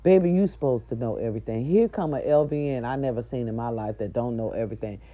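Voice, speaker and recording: A middle-aged woman, a nurse aide, telling viewers a story in a loud, profane, indignant rant. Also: rumbling low, quick pace. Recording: dull lo-fi recording.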